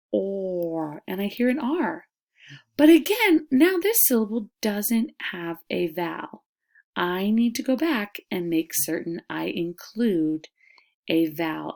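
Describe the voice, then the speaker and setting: A woman teaching a lesson to young children, stretching words out slowly and sounding them out in an encouraging classroom voice. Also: fairly low pitch, gravelly. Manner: slow, drawn-out syllables, modeling sounds out loud.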